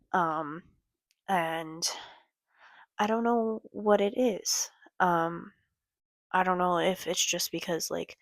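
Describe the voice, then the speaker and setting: A young woman talking casually to her camera late at night, halting with many ums and sighs. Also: on the low side, dry recording. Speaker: vlogger. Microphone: computer or phone camera.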